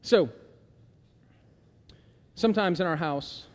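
A middle-aged male pastor preaching with a high voice, conversational one moment and emphatic the next. He slows down to stress key words and calls on the room to repeat lines with him. His voice rings with a long reverb from the hall. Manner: conversational, asks the congregation to repeat lines aloud. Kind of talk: sermon.

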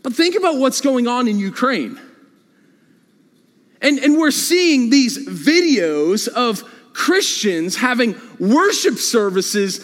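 A male pastor preaching a sermon in a church, with animated delivery and frequent repeated phrases. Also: very high-pitched, moderate pace, in a large hall. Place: church sanctuary.

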